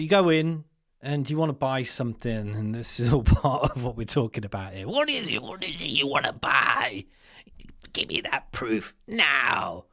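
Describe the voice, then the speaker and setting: A man's voice: medium pitch, dry recording, studio quality. A man, hosting an opinionated commentary with exasperated, sarcastic asides and slangy remarks. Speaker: commentary channel host.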